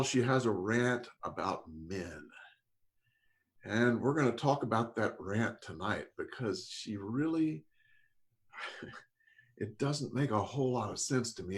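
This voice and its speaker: Animated, sarcastic man hosting a podcast. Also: fairly low pitch. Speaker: podcast host. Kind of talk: casual podcast discussion.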